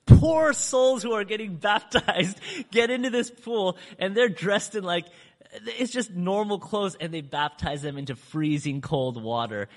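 A man addressing a congregation in a large hall, his voice trailing into long reverb. He tells a story casually, with fillers and restarts, and his voice sits a little high. He leaps up and drops down as he acts out other people's lines. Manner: acts out quoted speech with big pitch swings. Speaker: church speaker telling a mission story.

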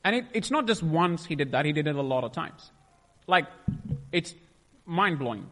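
A man's voice: a little high, animated, normal speed, fairly bright tone, in a large hall. A young man sharing a personal faith testimony, emotional and rambling, often stopping to restart his sentences. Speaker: testimony speaker.

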